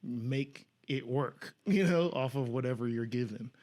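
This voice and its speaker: Laughing, animated young man guest. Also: mid-range voice, unhurried. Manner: laughing often, animated, loose and profane. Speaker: guest, improviser and TV writer. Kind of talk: casual podcast conversation.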